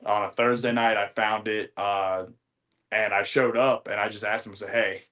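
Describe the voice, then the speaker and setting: A young man from the United States chats as a wrestling guest on a podcast. His voice sits a little low. He rambles, backtracks and fills gaps with ums, building his stories with animated energy. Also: moderate pace. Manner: rambling, animated, many fillers and restarts. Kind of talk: casual interview storytelling.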